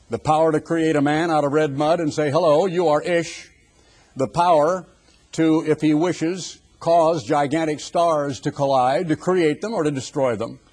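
An older man preaching a dramatic sermon, building forceful rhetorical lists. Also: fairly high pitch.

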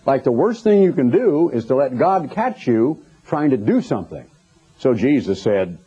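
A man's voice: medium pitch, sing-song, normal speed, warm tone, slightly rough. A man preaching a sermon, emphatic and quoting scripture, often putting rhetorical questions to his listeners. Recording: dull lo-fi recording.

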